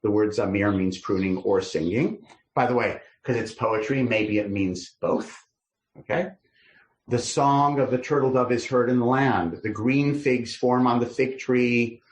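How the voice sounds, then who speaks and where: A man's voice: medium pitch, measured pace. A man, a rabbi, teaching a text study class, reading verses aloud and then musing over what they mean. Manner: reads verses aloud then explains them, lively and musing. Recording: roomy echo.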